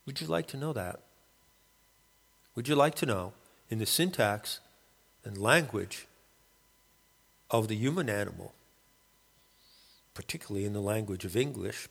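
A man's voice: fairly low pitch, gravelly, husky, big-room sound, full character voice. A man voicing an offhand female earth goddess spirit in a casual, chatty way.

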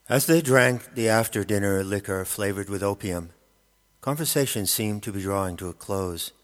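A man narrating an audiobook in a steady, measured storytelling manner. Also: lowish voice. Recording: long hall reverb.

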